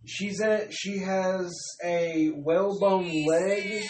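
A woman's voice: lowish voice, fairly even intonation, slow pace, far from the mic, background noise. A woman friend adding dry, chatty asides. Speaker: friend in the audience. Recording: echoey room from afar.

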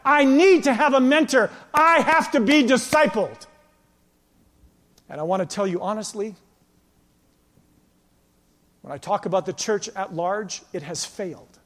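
A man preaching a sermon as pastor, emphatic, with passages that drop to a quiet, intense tone. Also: high voice, measured pace, pauses often. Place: church sanctuary. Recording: long church hall reverb.

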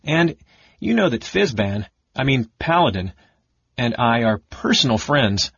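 Man doing a chatty excitable kender, high eager voice, husky edge, muffled lo-fi sound. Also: a little slow, no room sound, full character voice. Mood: earnest bossy. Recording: muffled lo-fi recording.

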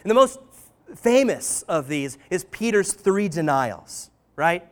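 High-voiced man preaching casually. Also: sing-song, slow pace. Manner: conversational, with frequent "um," "like" and "right?". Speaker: pastor. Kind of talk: casual sermon storytelling.

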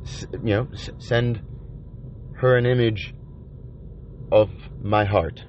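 A man vlogging from inside a van by the ocean, rambling in a profane, halting confessional monologue full of restarts. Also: fairly low pitch, steady tone, darkish tone, a little hiss or hum. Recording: dull lo-fi recording.

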